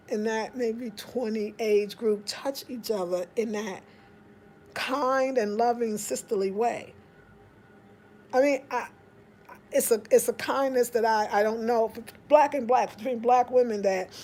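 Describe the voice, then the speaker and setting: Animated African American woman storyteller. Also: fairly high pitch, unhurried. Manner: animated, acts out quotes in raised voice. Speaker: vlogger. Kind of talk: casual storytelling.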